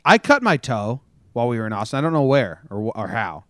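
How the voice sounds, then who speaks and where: A man's voice: mid-range voice, big pitch swings, quick pace, fairly bright tone, no echo, clean studio sound. A man co-hosting a podcast, telling stories in a rambling, chuckling, casual way. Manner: rambling storyteller, chuckles often. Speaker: podcast co-host. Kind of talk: casual chat.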